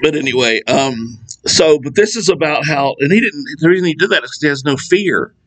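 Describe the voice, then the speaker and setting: A middle-aged man giving a casual Bible study talk, animated and digressive, laughing at his own jokes. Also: on the high side, a little fast, low-quality recording. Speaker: Bible teacher.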